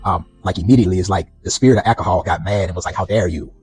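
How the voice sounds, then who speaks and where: A middle-aged vlogger reflects on his own life in a conversational monologue, often slipping in "you know" and "right." He talks very fast in a deep, darkish, slightly rough voice. Faint music plays behind him, and the recording is rough.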